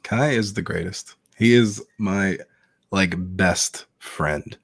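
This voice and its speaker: A man's voice: sits low, slow pace, vocal fry, slightly rough, no echo, studio quality. A man talking as a podcast guest, heartfelt and emotional, swearing freely as he speaks candidly. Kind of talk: candid interview talk.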